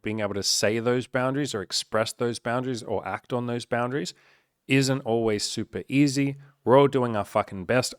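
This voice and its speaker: A man's voice: fairly low pitch, no room sound, clean studio sound. Frank, swearing man. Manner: frank and profane, loose with filler words. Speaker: dating coach. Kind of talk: casual straight-to-camera talk.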